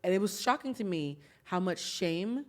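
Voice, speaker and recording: A woman's voice: on the low side, animated, moderate pace. A woman over forty hosting a podcast, telling stories in casual chat, laughing often and swearing freely. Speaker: podcast host.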